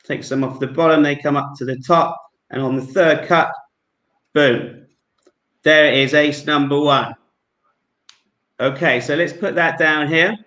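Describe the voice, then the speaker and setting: A man's voice: fairly high pitch, fairly even intonation, measured pace, long pauses, fairly bright tone, echoey room, low-quality recording. Friendly man with a London accent. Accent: London English. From England. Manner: polite and friendly, narrates each move. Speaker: guest amateur magician. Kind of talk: casual card-trick performance with patter.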